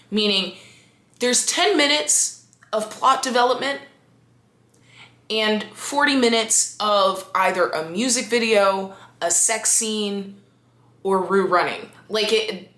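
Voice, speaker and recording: A young woman chatting casually to camera about a TV episode, animated and slangy. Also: mid-range voice, reverberant. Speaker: video creator reviewing a TV episode.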